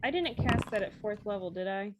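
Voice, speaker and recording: A woman's voice: medium pitch, animated, brisk, background noise. A woman playing a tabletop game, thinking aloud in a somewhat flustered way. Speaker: player. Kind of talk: casual play at a tabletop game.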